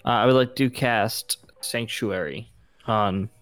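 A man's voice: on the low side, slow, fairly bright tone, soft background music. A man playing a live tabletop game, hesitant and reading the rules aloud. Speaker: player.

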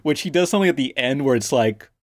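A man hosting a casual podcast, rambling and animated in his film opinions. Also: mid-range voice. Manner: rambling, animated, quick to laugh. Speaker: podcast host. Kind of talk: casual chat.

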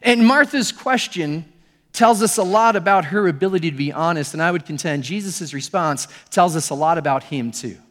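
A male pastor preaching a sermon in a conversational, animated storytelling manner. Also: on the high side, moderate pace, long reverb tail.

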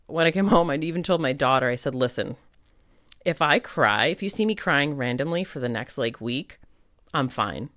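A woman's voice: a bass voice, lively intonation, normal speed, fairly bright tone, no echo, studio quality. A woman who works as a spiritual medium, hosting a casual solo podcast and speaking candidly with lots of fillers, laughs and the odd swear. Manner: chatty and candid, heavy on "like", laughs and swears freely.

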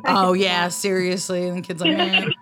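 A woman's voice: mid-range voice, lively intonation, moderate pace, slight background noise. A woman co-hosting a podcast in casual chat, playful and teasing, laughing often. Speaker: podcast host.

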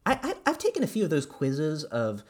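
A woman's voice: low-pitched, huge pitch swings, brisk, a little mellow. A woman from Columbus co-hosting a podcast, explaining things thoughtfully in casual talk with small hesitations. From Columbus, Ohio. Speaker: podcast co-host. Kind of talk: casual chat.

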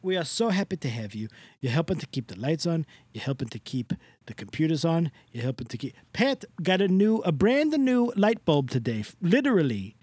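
A man's voice: fairly high pitch, big pitch swings, brisk, a little mellow, husky, no room sound. A man on a podcast putting on a comic voice as a doting, effusive Italian-American greeter who talks in an over-the-top welcoming way. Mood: gushing. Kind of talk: comic character bit on a podcast.

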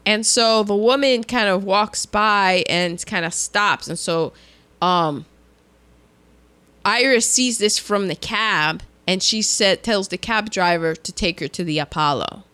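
A woman in casual chat, recapping a film with animated storytelling. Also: mid-range voice, unhurried, smooth. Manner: animated storytelling, acts out quoted lines, laughs often.

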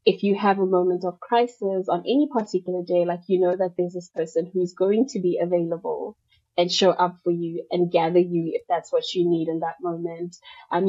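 A woman's voice: on the low side, dark tone, slightly rough. A woman guest on a podcast, explaining her ideas at length in a thoughtful, casual way with many fillers. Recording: muffled lo-fi audio.

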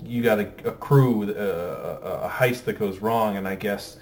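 A man's voice: fairly low pitch, unhurried, a little mellow, slight background noise. A man co-hosting a casual chat about films, rambling with many fillers and restarts. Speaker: podcast co-host.

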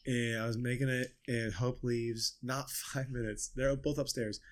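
Animated young dad telling stories. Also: male voice, mid-range voice, unhurried. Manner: animated storyteller acting out voices. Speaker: podcast co-host. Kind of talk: casual chat.

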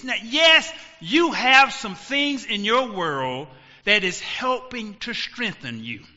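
A middle-aged male pastor preaching a sermon emphatically, rising to shouts with dramatic pauses. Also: extremely high pitch, sing-song. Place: church sanctuary. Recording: dull recording, long hall echo.

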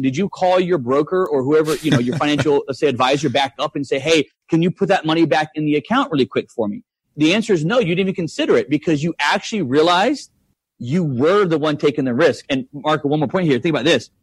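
A man's voice: fairly high pitch, slightly rough, dry recording. A man talking money on a podcast, emphatic, full of rhetorical questions. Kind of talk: casual podcast chat.

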